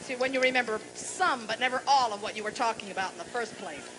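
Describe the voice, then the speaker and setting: Talking fast, this woman, a comedian and singer, works her bawdy material with a salty, mock-forgetful manner in a high, brassy voice. The large venue booms, and loud crowd noise runs under her the whole time.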